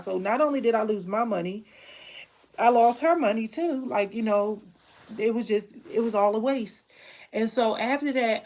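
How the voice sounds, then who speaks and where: Speaking in a mid-range voice, a candle maker and online teacher shares her personal story on camera with candor and emotion, frequently circling back to repeat herself.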